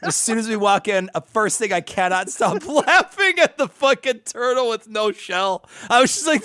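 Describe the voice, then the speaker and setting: Bright, lively high-voiced man. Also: moderate pace, hardly any pauses, dry recording, studio quality. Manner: profane, animated, laughs often. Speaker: podcast co-host. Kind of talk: casual comedic chat.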